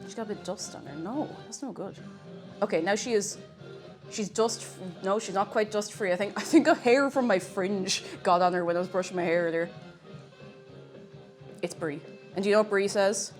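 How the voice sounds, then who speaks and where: A woman chatting bubbly and excitably on a livestream while cooking, now and then breaking into shouted cheers. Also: medium pitch, moderate pace, faint music behind. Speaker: streamer.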